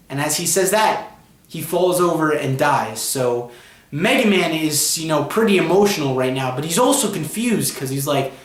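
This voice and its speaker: A man's voice: a little high, lively intonation, moderate pace, echoey room. A man reviewing a comic book, rambling through the plot with a string of ands and you-knows. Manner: rambling retelling, chained with "and" and "you know". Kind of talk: casual plot recap vlog.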